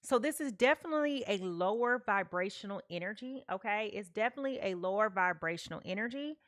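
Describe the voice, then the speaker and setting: A woman's voice: medium pitch, animated, fast talker, fairly bright tone, no echo, studio quality. A woman giving a live tarot reading, chatty, often checking in with "okay?" and talking to her viewers. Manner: chatty, repeats "okay?" often, talks to chat. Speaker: tarot reader.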